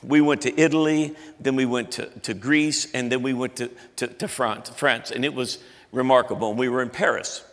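Pastor preaching in a reverberant hall. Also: male voice, medium pitch, fairly even intonation, normal speed, a bit bright. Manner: conversational, self-interrupting, frequent restarts. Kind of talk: sermon.

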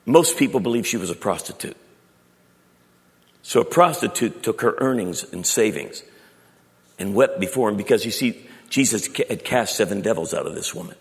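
A middle-aged preacher with a low voice delivers a storytelling sermon. He swings from loud emphasis to near-whispered confession. The long reverb of a large hall trails after his words. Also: lively intonation, moderate pace. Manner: storytelling preacher, shifting between loud emphasis and quiet intimate tones. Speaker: pastor. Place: church sanctuary.

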